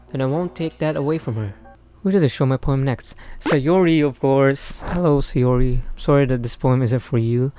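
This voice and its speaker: A man's voice: mid-range voice, dark tone. A man with a Filipino accent, a native Cebuano speaker, reading a visual novel's lines aloud with wry, laid-back commentary. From Philippines. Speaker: gamer.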